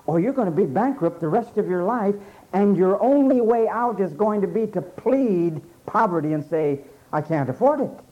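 A man preaching a sermon emphatically, repeating phrases and pausing for effect. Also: high voice, dark tone. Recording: dull lo-fi sermon recording.

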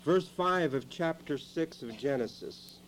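A man preaching a sermon in a church, dramatic, moving between quiet asides and loud emphatic lines. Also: a little high, expressive, measured pace, slight background noise, rough recording.

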